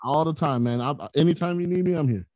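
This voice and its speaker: A man, a podcast guest, telling stories in a casual, animated way, often laughing as he talks. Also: a little high, quick pace, no room sound. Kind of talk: casual storytelling.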